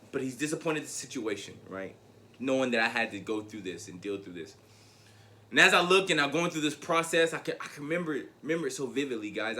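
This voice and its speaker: Forceful man telling a story. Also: fairly high pitch. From Tennessee. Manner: animated storytelling, swinging between loud and hushed. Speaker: motivational speaker. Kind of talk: convention keynote speech.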